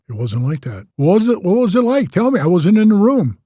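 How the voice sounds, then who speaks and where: A man's voice: high-pitched, fairly quick, hardly any pauses, no echo, clean studio sound. An older man and former biker club president, telling his life story in casual talk and acting out the other people in it. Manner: animated storyteller, acts out other voices, says bro a lot.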